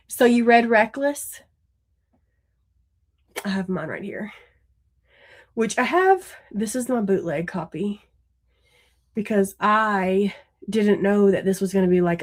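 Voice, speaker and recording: Woman, mid-pitched voice, rambling casual chat, candid, laughs and swears a lot. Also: a little slow. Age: adult with young children. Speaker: book podcast co-host.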